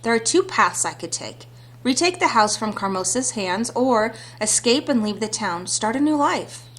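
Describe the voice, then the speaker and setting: A woman's voice: on the high side, lively intonation, moderate pace, a bit bright. A woman reading aloud the lines of a young heroine who longs to escape her stepmother, in an earnest, reflective way. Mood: determined. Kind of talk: reading visual novel dialogue aloud.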